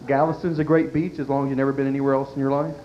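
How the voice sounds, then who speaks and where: On a dull lo-fi tape from a 1990s club, a man races through a crude, self-deprecating comedy set and addresses the audience. His medium-pitched voice barely moves in pitch, and laughter and faint room noise fill the background.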